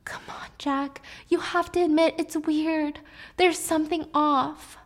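A woman's voice: sits high, flat delivery, measured pace, voice pushed up. A woman voicing a frightened young wife who pleads to be believed, distraught and insistent. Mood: distraught pleading.

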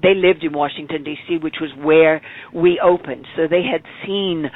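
A woman in her eighties telling stories as an interview guest, animated and acting out the people she quotes. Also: low-pitched, normal speed. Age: 80s. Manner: animated storyteller, acts out quotes. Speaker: guest performer. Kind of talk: storytelling interview. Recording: phone-like narrow sound.

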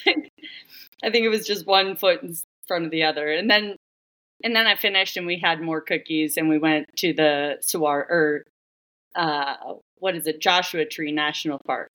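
A woman's voice: sits low, moderate pace, a bit bright. A woman, a running coach, talking as a guest in a casual interview, chatty and giggly, with lots of "like".

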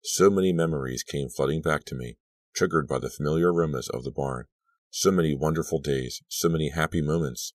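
A man with an extremely deep voice narrates a horror audiobook in a measured, dramatic first-person reading. The sound is close and dry, with no room at all. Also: no echo. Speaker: audiobook reader.

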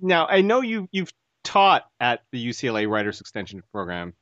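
A man hosting a casual interview, asking measured questions about writing. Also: medium pitch, wildly swooping pitch, fairly bright tone, no room sound, highs cut off. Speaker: podcast host.

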